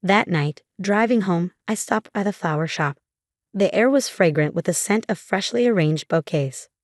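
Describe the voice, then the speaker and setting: A woman giving calm, measured first-person narration of a scripted story. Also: mid-range voice, dry recording, studio quality.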